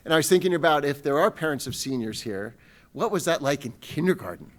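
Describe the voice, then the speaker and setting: A man's voice: on the high side, animated, fast. Male superintendent, rambling welcome remarks, self-deprecating. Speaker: school superintendent. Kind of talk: welcome speech to parents.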